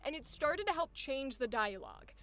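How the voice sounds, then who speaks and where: A woman coaching voice actors, talking in an energetic, emphatic way with easy laughs and casual swearing. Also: sits high, moderate pace. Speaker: voice acting coach. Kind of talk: coaching session.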